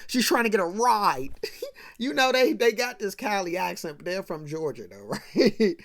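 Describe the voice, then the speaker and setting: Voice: mid-range voice, sing-song, moderate pace, fairly bright tone. A casual host retelling a movie plot in slangy talk, often checking in with the listener. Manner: slangy, keeps checking in with "right?". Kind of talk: casual rant retelling a film.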